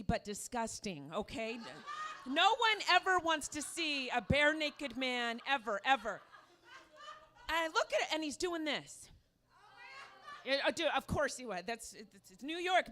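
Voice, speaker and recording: A woman's voice: medium pitch, a bit bright. A woman doing a stand-up set on a comedy club stage, telling a brash, profane story into a handheld mic.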